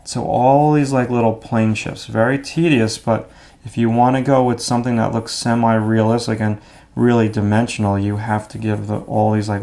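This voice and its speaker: A man explaining his drawing steps out loud as he works, in a relaxed, thinking-aloud way. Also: on the low side, creaky. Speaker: art instructor. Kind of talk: drawing demonstration.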